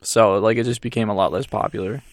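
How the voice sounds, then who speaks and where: A man's voice: lowish voice, steady tone, fast talker, no echo. A man co-hosting a casual podcast, making dry, wry remarks. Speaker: podcast co-host. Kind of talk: casual chat.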